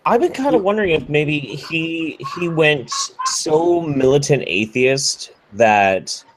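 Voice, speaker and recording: A man's voice: a little high, lively intonation, slow, a crowd in the background. An American man in casual group talk who rambles, hesitates and swears offhandedly.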